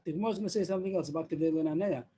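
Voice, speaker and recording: Quick-talking man teaching a Talmud class. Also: a little high, warm tone, slightly rough, low-quality recording. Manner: explains slowly with restarts, mixes Hebrew and Aramaic terms. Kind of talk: daily Talmud lesson over video call. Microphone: video call.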